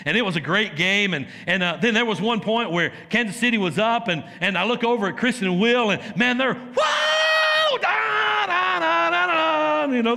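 A man preaching a sermon as pastor, telling stories with laughs and sudden shouts. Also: very high-pitched, heavy background noise. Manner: animated storytelling, laughs and shouts while acting out scenes. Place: church sanctuary. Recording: long hall reverb.

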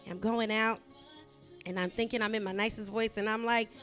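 A middle-aged woman hosting a Christian talk show, animated as she tells a personal faith story. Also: mid-range voice, moderate pace, soft background music. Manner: animated storytelling, rising loud when reenacting herself.

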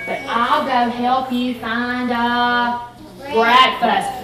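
Helpful bat, woman reader, high, echoey room. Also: little pitch movement, drawn-out words, music in the background. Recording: echoey library room, mic far off, children around.

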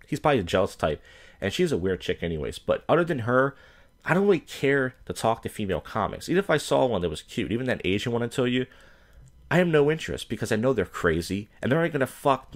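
A man, an open mic comedian, ranting to camera in a crude, rambling way, swearing constantly and full of fillers and restarts. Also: lowish voice. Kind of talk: profane rambling rant to camera.

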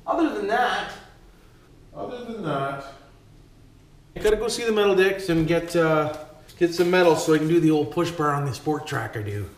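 A man from Canada, chatting folksy and casual in a vlog, dropping "eh" and "friggin' right" all the time. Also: a little high. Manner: folksy, repeats tag phrases like "eh" and "friggin' right". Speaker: vlogger. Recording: echoey space with faint noise.

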